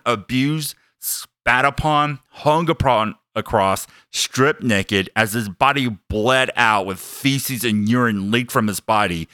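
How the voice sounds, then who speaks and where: A man's voice: on the low side, fairly bright tone, clear, resonant tone, no room sound, studio quality. A man preaching a sermon, emphatic and earnest, stacking phrases as he builds each point and sharing his own story. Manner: emphatic, building lists with rising intensity; earnest personal testimony.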